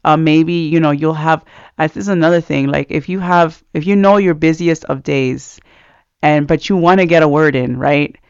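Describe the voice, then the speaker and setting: Guy chatting about bible reading, kinda gravelly, rambly and earnest, dull lo-fi mic. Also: a little high, normal speed, no echo. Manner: rambling, earnest, with frequent fillers and laughs. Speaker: Christian speaker. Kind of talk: casual devotional talk. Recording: dull lo-fi sound, dry.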